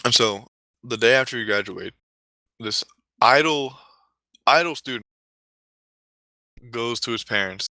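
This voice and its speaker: A man's voice: medium pitch, measured pace, pauses often, pushed and bright, no room sound, poor audio. A man telling a comic story casually, rambling with offhand asides.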